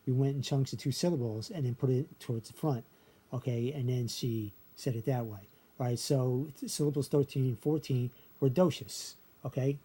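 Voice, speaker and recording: A man's voice: medium pitch, moderate pace, mellow, slightly rough. A man explaining step by step in a casual screen-share lesson, tacking "okay" onto nearly every phrase. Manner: repeats "okay" after nearly every phrase, counts syllables aloud. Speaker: video creator teaching a memory trick.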